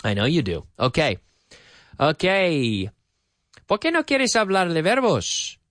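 A man teaching an English lesson, repeating phrases slowly and then explaining them. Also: on the high side, huge pitch swings, a bit bright, no echo, studio quality.

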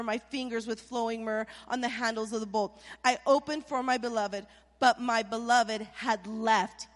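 A woman preaching a sermon in a lively, playful way, speaking straight to her congregation. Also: fairly high pitch, long reverb tail. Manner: animated, playful, addresses the crowd directly.

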